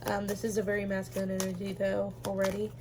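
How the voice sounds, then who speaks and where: A woman's voice: medium pitch, completely flat delivery, fast talker, heavy background noise. A woman giving a casual pick-a-card tarot reading, chatty and rambling, with lots of ums and easy laughter. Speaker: tarot reader.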